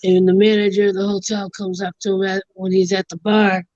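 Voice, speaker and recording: A woman chatting casually on a live stream, animated in her storytelling and acting out the lines she quotes. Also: medium pitch, a little fast, no echo, lo-fi sound. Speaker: co-host. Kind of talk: casual chat.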